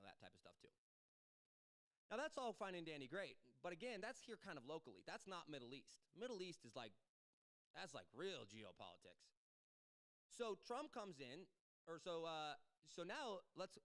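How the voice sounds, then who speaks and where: A man's voice: fairly high pitch, clear, resonant tone. A man hosting a show, talking through politics in a casual, emphatic monologue and acting out what others might say. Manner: animated, emphatic, acts out quoted voices. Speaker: podcast host.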